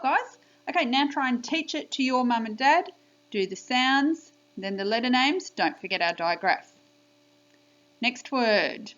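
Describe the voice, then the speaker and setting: A woman teaching a spelling lesson to young children on video, speaking slowly and clearly in an encouraging, sing-song teacher manner. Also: fairly high pitch, fairly bright tone. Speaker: primary school teacher. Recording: dull lo-fi home video audio.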